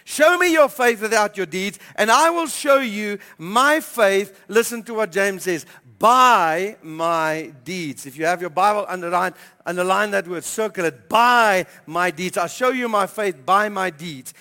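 A man preaching as pastor, emphatic and repeating key phrases, slowing down to stress scripture. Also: high voice, bright, forceful tone, long reverb tail. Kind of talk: sermon. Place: church hall.

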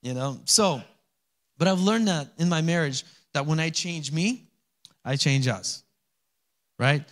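Man preaching a sermon, high voice, chatty, acts out quotes, swells to loud calls. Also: moderate pace, pauses often. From Alaska. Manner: conversational preaching, acts out little voices and laughs; rising to loud exhortation. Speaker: pastor.

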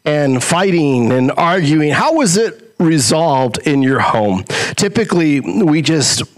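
A male pastor preaching a sermon, asking rhetorical questions, swinging between raised, quick lines and low, drawn-out ones. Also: animated.

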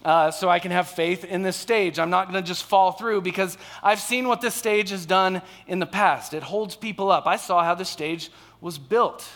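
Bright high-voiced man preaching. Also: moderate pace. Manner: conversational, frequent "all right?" and "okay?" check-ins. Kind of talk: sermon. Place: stage.

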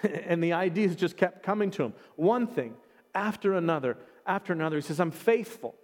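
A man's voice: on the high side, brisk, long reverb tail. A man preaching a sermon, telling a personal story with earnest, emotional delivery and frequent restarts. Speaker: pastor.

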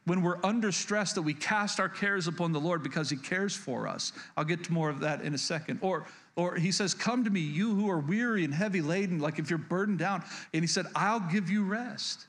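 Pastor, male, higher register; earnest preacher who repeats key points and restarts sentences. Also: fairly quick, few pauses, fairly bright tone. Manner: frequent stutters and restarts. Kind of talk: sermon.

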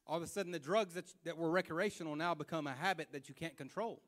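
A man preaching a sermon, impassioned and colloquial, repeating phrases as he builds to loud fervor. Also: a little high, expressive, fast talker, few pauses. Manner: colloquial, with slips and restarts.

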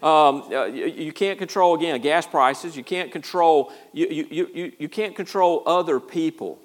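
A man's voice: a little high, moderate pace. A man preaching a sermon as pastor, in a folksy, self-deprecating way with a lot of repeated words. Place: church.

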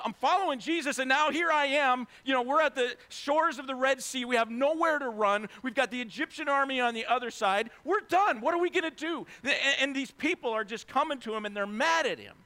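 A man in his forties, a pastor, preaching a sermon in a conversational way, swinging between loud excited stretches and hushed quiet ones, full of "you know" and "right?". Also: very high voice. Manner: heavy use of fillers like "you know" and "right?".

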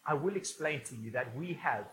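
A pastor gives a sermon in a casual, joking tone and often restarts his sentences. His voice sits at a middle pitch for a man. There is faint noise in the church room. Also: lively intonation, fairly quick. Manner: conversational and humorous, with frequent restarts. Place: church auditorium.

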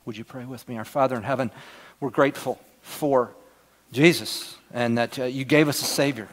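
A middle-aged man preaching a sermon as pastor, earnest, swinging from loud emphasis down to near-whispers. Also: mid-range voice, steady tone, normal speed.

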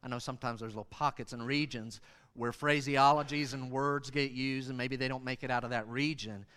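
A middle-aged man from Western North Carolina, preaching an animated sermon as pastor. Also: medium pitch, brisk, clear, resonant tone, big-room sound. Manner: animated preaching, acts out kids' voices.

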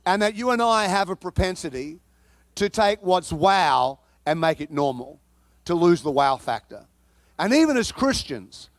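His voice sits high, with no echo, as this pastor preaches, weaving a personal anecdote with comic animation and plenty of repetitions and restarts.

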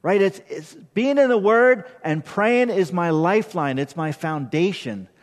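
High-voiced pastor preaching in reverberant church. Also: male voice, lively intonation, measured pace. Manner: earnest, conversational preaching with frequent "right?". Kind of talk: sermon and closing prayer. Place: church sanctuary. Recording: long hall reverb.

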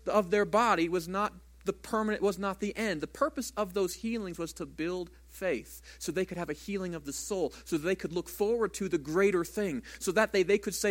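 Conversational pastor preaching, slightly high voice. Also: male voice, a bit bright. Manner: conversational preaching with rhetorical questions. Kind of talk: sermon.

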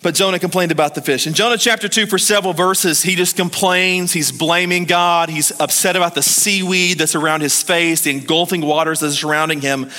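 A man preaching a sermon as pastor of a church, telling stories in a lively way and calling on the congregation to answer him. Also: a little high, brisk, few pauses. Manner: lively storytelling, calls on the congregation to respond. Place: church hall. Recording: long hall reverb.

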